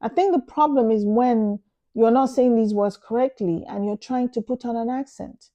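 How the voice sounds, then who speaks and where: Earnest woman with a warm, mellow voice. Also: fairly high pitch, normal speed, lo-fi sound. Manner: earnest, emphatic, repeats phrases for stress. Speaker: vlogger. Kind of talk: casual advice talk to camera.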